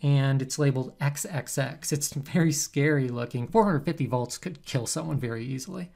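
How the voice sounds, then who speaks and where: A man, a psychology professor, giving a recorded lecture in a conversational, animated way. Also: medium pitch, normal speed, vocal fry. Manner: conversational, animated, acts out quoted subjects.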